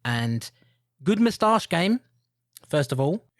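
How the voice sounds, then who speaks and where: A British man co-hosting a film podcast, chatting casually, animated and jokey, laughing often. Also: a little high, takes it slowly, no echo, studio quality. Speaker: podcast co-host.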